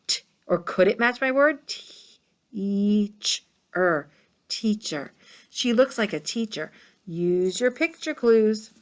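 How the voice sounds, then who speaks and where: A woman's voice: medium pitch, fairly bright tone. A woman teaching kindergartners a reading lesson, patient and encouraging, sounding out words. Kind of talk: read-along reading lesson.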